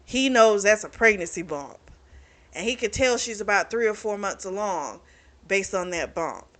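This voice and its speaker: A woman talks through a novel's plot in a loose, chatty recap. She laughs often, leans on "you know" and "like", and drops into quick voiced lines for the characters. Her pitch sits in the middle of the usual range. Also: expressive, fairly bright tone. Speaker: book reviewer.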